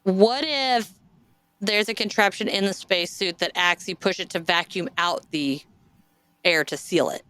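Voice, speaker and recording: A woman's voice: mid-range voice, unhurried, fairly bright tone, clean tone. A woman hosting a podcast in casual chat, reading listener stories aloud, jokey and self-deprecating, often trailing off and restarting. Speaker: podcast host.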